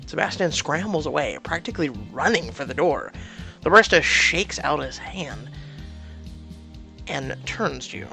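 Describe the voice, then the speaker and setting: A woman reads a story game aloud at an unhurried pace, her pitch rising and falling widely, and she drops in chatty asides of her own. Light music runs quietly in the background. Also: animated, gravelly. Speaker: gameplay narrator.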